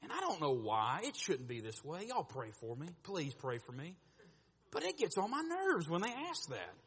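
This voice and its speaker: A man preaching a sermon, animated, acting out voices in his stories and swinging from quiet asides to loud bursts. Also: on the high side, normal speed, husky. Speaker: pastor. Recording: echoey hall reverb.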